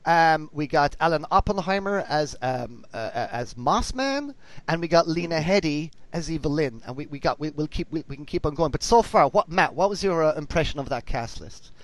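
A man hosting a casual podcast chat, excitable and talkative. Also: fairly high pitch, no echo. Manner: lively, excitable, quick to laugh. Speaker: podcast host.

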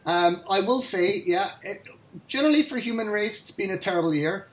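An Irish man hosting a casual podcast chat, excitable and chatty, quick to laugh and rant. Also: high-pitched, slight background noise. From Ireland. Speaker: podcast host.

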